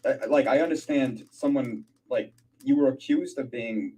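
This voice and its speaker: A man asking halting, filler-heavy questions in a casual video call chat. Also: mid-range voice, dark tone, husky, recorded from a distance, low-quality recording.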